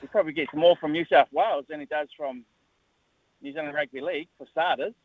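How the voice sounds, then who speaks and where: A man's voice: on the high side, quick pace, dry recording. A man calling in to talkback radio, fired up and asking pointed questions. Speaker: caller. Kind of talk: phone-in call. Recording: tinny phone line, dry.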